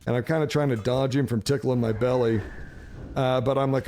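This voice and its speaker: A man telling a wild story in a casual, animated, swearing style, often laughing. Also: mid-range voice, a little fast, slight background noise.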